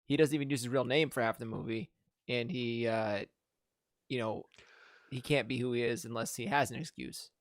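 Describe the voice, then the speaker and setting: A man's voice: medium pitch, steady tone, moderate pace, no echo, clean studio sound. Chatty man recapping a movie plot. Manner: rambling plot recap with fillers. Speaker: podcast host. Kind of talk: casual movie podcast chat.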